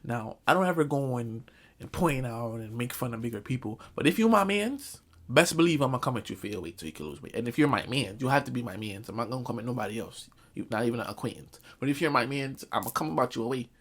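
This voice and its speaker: Animated young man telling a comic story. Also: mid-range voice, quick pace. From Jamaican family, Caribbean community. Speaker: vlogger. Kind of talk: storytime vlog.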